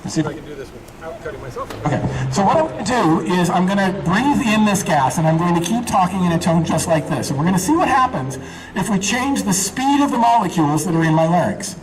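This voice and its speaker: Chatty high-voiced man explaining science. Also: very animated, quick pace. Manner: chatty, explanatory, many fillers. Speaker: chemistry demonstrator. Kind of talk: live science demonstration. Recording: distant mic, faint background noise.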